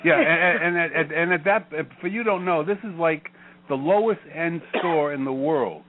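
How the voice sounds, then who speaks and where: A man's voice: on the high side, moderate pace, slight background noise. An older man hosting a call-in radio show, talking bluntly, sarcastic and profane. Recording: phone-like line.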